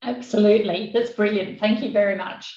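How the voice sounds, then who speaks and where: A woman's voice: mid-range voice, steady tone, brisk, darkish tone. Hesitant woman on an echoey call. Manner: hesitant, many ums. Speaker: business owner guest. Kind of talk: casual chat. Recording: echoey dull video-call audio.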